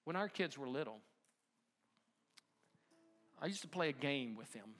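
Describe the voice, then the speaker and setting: A middle-aged male pastor preaching a sermon, swinging from hushed near-whispers to loud, near-shouted passages. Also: medium pitch, lively intonation, measured pace, soft background music.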